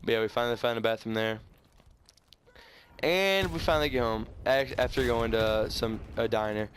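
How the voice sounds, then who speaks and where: A teenage boy rambles through a story while he plays a shooter, tripping over his words and restarting often. His pitch sits mid-range, and faint game gunfire pops underneath. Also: slight background noise. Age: teens. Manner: rambling, halting, many restarts and stutters. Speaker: gaming YouTuber. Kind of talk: casual storytelling over gameplay. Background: video game gunfire.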